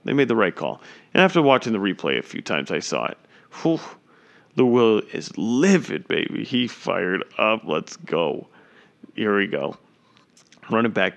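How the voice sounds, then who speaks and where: A man giving casual live play-by-play of a basketball game as a fan, chatty and excitable, breaking into loud exclamations at big plays. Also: mid-range voice.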